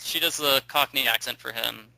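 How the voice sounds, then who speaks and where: A man's voice: medium pitch, normal speed, gravelly, bright, forceful tone, dry recording, rough recording. A man hosting a casual chat, digressive and talkative, thinking aloud with frequent ums.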